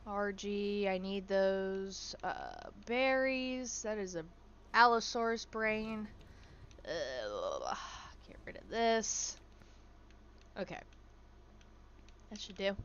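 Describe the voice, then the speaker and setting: A woman's voice: medium pitch, little pitch movement, slow pace, long pauses, a bit bright, muffled recording, slight background noise. A woman streaming a survival game, chatting casually, swearing freely and cooing at her in-game animals. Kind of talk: casual gameplay commentary.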